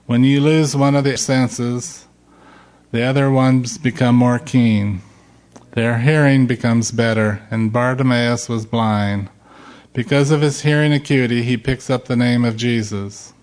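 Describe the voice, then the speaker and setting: Middle-aged male pastor; measured, slow sermon delivery with emphatic peaks. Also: mid-range voice, fairly even intonation. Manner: slow, emphatic preaching, rising loud when quoting shouts.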